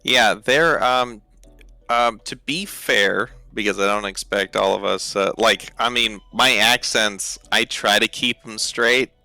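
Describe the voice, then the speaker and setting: A man running a tabletop game as game master, talking in a halting way with many fillers. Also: lowish voice, gravelly, pushed and bright, no echo, faint music behind.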